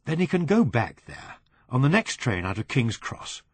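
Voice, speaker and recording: A curt, fed-up young man, short with everyone around him, voiced by a male narrator. His tone is irritated and clipped, at a middle pitch, with a dry, close sound. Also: big pitch swings, normal speed, husky, no echo.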